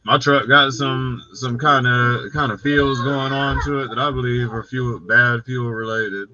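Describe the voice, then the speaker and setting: Laid-back, profane man chatting, bright-edged voice. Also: mid-range voice, fairly even intonation, unhurried, lo-fi sound, a little hiss or hum. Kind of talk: casual late-night chat.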